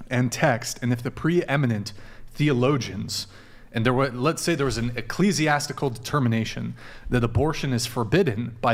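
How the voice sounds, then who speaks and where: A man with a mid-range voice hosts a podcast panel, moderating loosely while reading from notes. He trips over his words and swears casually.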